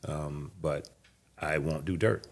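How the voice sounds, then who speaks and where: A man's voice: extremely low pitch, steady tone, slow pace. A man in his fifties from Nebraska, a guest actor telling stories in a casual interview, emphatic and laid-back. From Nebraska, USA.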